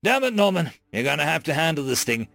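A man voicing an exasperated, sly male starship captain who shouts in irritation. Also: on the high side, sing-song, fast, gravelly, no room sound, faint music behind, exaggerated voice.

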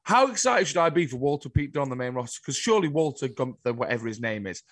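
A man co-hosting a casual wrestling podcast, ranting with exasperation and jumping into high, incredulous outbursts. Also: lively intonation, fast talker, no echo, clean studio sound. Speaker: podcast co-host.

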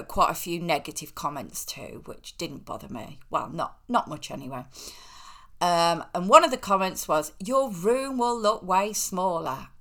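Chatty woman with a bright voice. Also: low-pitched. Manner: chatty and opinionated, with self-mocking asides. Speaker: interior decor host. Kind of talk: casual solo monologue.

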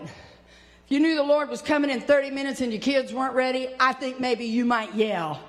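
A woman preaching a fiery sermon, shouting at peaks and dropping low between them. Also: normal speed. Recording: long hall reverb.

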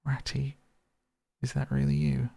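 A man's voice: low voice, steady tone, moderate pace, creaky, a little mellow, dry recording. A man voicing a timid, weary mole who speaks anxiously and pleads with his friend. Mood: frightened.

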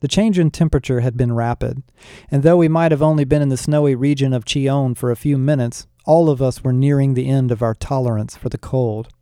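A man's voice: mid-range voice, fairly even intonation, brisk, dark tone, smooth, no echo, studio quality. A man reading an audiobook as narrator in a wry, conversational storytelling manner. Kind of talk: scripted narration.

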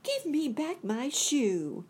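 A woman voicing a young girl who speaks high and earnestly. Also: wildly swooping pitch, takes it slowly, full character voice. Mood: indignant.

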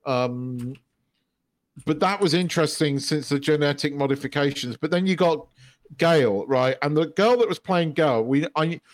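A man's voice: fairly high pitch, moderate pace, no room sound. A man co-hosting a podcast, chatting casually and rambling with lots of restarts and swearing. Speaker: podcast co-host. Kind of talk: casual chat.

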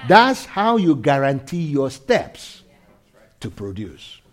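A man preaching a sermon, animated, swinging from loud shouts to quiet intensity, laughing between lines. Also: mid-range voice, slow pace. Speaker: pastor.

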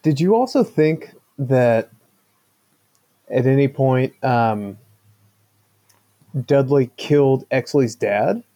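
A man's voice: medium pitch, expressive, slow, pauses often, dark tone. A man co-hosting a movie podcast, laid-back, mostly giving short agreeing replies in casual chat. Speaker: podcast co-host. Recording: dull lo-fi podcast audio.

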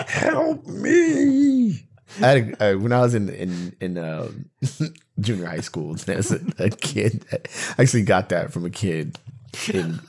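A man's voice: low-pitched, creaky, husky. A man co-hosting a casual chat, telling funny stories with lots of laughter. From Southern California. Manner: laughing storyteller, animated. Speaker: podcast co-host.

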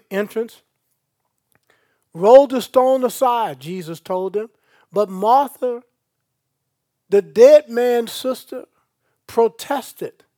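A man's voice: high voice, dark tone, no room sound, clean studio sound. A male pastor, preaching a sermon and reading scripture aloud with asides to the congregation.

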